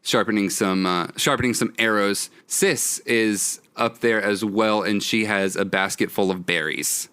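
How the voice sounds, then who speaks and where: A man's voice: on the low side, steady tone, measured pace, few pauses, fairly bright tone, clear, resonant tone. A man narrating as game master of a tabletop game, with many fillers. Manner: hesitant, many fillers, laughs often.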